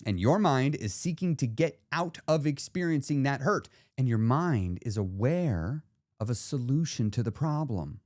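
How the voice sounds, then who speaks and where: A man's voice: mid-range voice, lively intonation, a little slow, darkish tone, no echo, studio quality. A man in his forties hosting a solo podcast as a weight-loss coach, explaining ideas to the listener in a conversational way.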